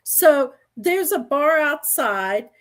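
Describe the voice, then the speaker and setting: Woman on a video call co-hosting, high voice, rambles on describing stuff. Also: expressive, takes it slowly, fairly bright tone. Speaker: co-host. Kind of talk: casual chat.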